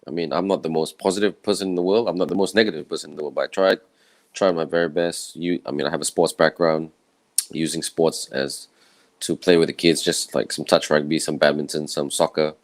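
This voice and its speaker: A man from Malaysia with a croaky, tired voice, giving an earnest, rambling personal talk from home. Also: a bass voice, steady tone, a little fast, no room sound, low-quality recording. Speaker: event speaker. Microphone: own camera and microphone setup.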